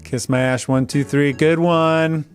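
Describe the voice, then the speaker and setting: A man's voice: on the high side, fairly even intonation, a little slow, soft background music. A man in his forties hosting a comedic commentary show, reading viewer comments aloud and mocking them sarcastically. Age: 40s. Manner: sarcastic, mock-voices commenters. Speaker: host.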